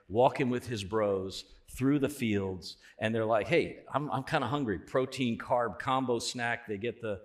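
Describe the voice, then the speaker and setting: A man preaching a sermon as pastor, conversational, swelling loud on key points. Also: medium pitch, a little slow, few pauses.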